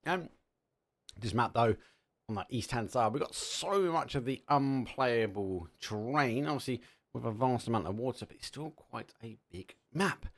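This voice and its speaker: A man's voice: medium pitch, expressive, normal speed. A man with an Essex accent commentating a live esports match, chatty and joking between calls. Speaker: esports caster.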